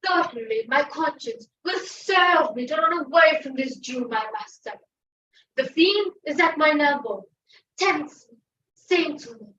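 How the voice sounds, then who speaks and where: A woman's voice: sits high, animated, unhurried, a little hiss or hum. Teen girl dramatically reciting Shakespeare, echoey. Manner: dramatic, switches between loud and hushed voices. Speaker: student monologue performer. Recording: echoey, dull lo-fi, far from the mic.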